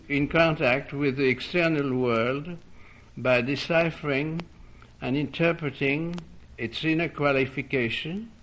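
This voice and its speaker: A man reading a prepared lecture aloud in a measured, formal way, now and then correcting a word. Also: fairly high pitch, fairly bright tone, low-quality recording.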